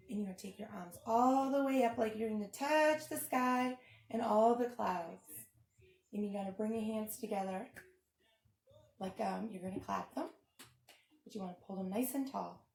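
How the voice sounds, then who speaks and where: A woman preschool teacher gently guiding small children through a yoga activity. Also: fairly high pitch, moderate pace, vocal fry, roomy sound. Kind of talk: children's storytime and yoga lesson.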